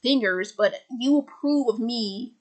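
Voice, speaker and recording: A woman's voice: a little high, measured pace. A woman voicing a cocky male cult leader in her own voice while retelling a film, stammering and repeating words. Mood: scheming.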